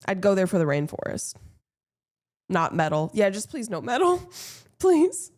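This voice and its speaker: A woman's voice: lowish voice, moderate pace, a little mellow. A woman streamer chatting casually with her viewers, blunt and playful, swearing freely.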